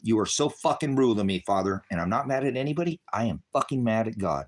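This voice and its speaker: A middle-aged man ranting to his viewers, cursing heavily and swinging between shouted outbursts and low bitter muttering. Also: lively intonation, quick pace. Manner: heavy cursing, bitter and raging. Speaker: online ministry broadcaster. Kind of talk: angry unscripted rant to viewers.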